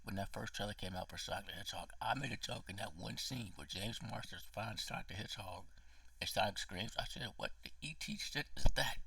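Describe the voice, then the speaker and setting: A man's voice: on the low side, fairly even intonation, fairly quick, gravelly, bright, forceful tone, husky, dry recording, recorded from a distance. A man giving a casual spoken movie review, ranting with emotion and profanity, sometimes dropping to a whisper.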